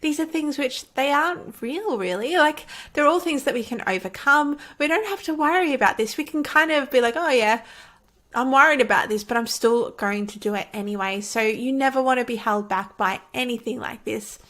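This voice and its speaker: A woman's voice: high-pitched, moderate pace, fairly bright tone. A woman who makes online courses, talking casually to camera in an encouraging, chatty way and laughing often. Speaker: online course creator and coach. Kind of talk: casual talk to camera teaching.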